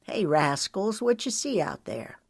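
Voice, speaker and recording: A woman voicing a gentle young southern farmer who speaks slowly and earnestly. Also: mid-range voice, very animated, creaky, breathy edge, dry recording, studio quality, exaggerated voice.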